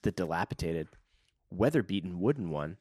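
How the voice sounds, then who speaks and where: Co-host, male, lively read-aloud voice with big swings in pitch, dry close sound, keeps breaking into chat. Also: moderate pace, breathy edge, dry recording. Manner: animated, laughs often, lively reading. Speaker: podcast co-host reading a book aloud.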